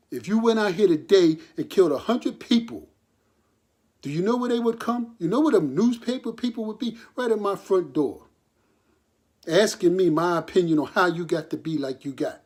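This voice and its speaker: A man's voice: high-pitched, darkish tone. Earnest, hurt older man pleading. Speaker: father addressing his son. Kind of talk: recorded personal appeal.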